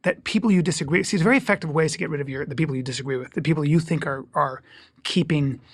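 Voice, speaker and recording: A man with a fairly high, rough, fry-laced voice talks as a guest comedian in a relaxed interview. He is emphatic and joking, swinging between loud punches and hushed asides. The sound is close and dry, with no room around it. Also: racing, dry recording. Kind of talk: casual interview talk.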